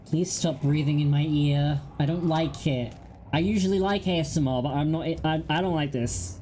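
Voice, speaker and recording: A woman's voice: low voice, normal speed, slight background noise. A woman giving casual let's-play commentary on a horror game, reacting expressively and joking at her own expense. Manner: jokey, expressive reactions, self-mocking. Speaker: gaming host.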